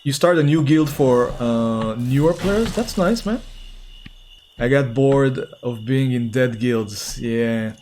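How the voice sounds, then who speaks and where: A man's voice: mid-range voice, takes it slowly, a little mellow, a little hiss or hum. A man streaming a game, talking casually and playfully as he reacts to what happens. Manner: chatty and playful, reacting aloud as he plays. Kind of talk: casual gameplay commentary.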